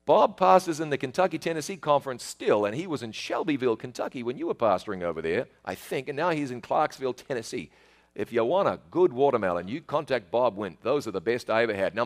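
A man telling casual, joking stories about his garden, folksy and fond of repeating phrases for emphasis. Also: mid-range voice. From outside the United States. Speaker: storyteller talking with a pastor. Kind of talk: casual anecdotal chat.

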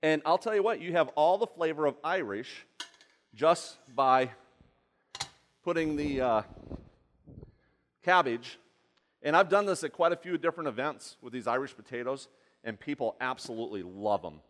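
A man's voice: fairly high pitch, expressive, normal speed, long pauses, a bit bright. A man giving a live cooking demonstration, chatty and rambling, often asking the audience questions. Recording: long hall reverb.

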